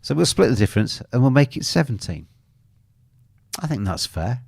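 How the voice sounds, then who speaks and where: A man's voice: medium pitch, sing-song, moderate pace, vocal fry, darkish tone, slightly rough, no room sound. A man hosting a live football betting show, commenting on a match and teasing his co-host while reading viewer comments aloud.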